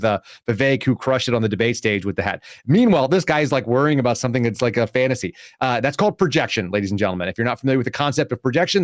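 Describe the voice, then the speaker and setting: A man's voice: mid-range voice, no echo, studio quality. A man hosting a podcast, delivering sarcastic, combative political commentary. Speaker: podcast host.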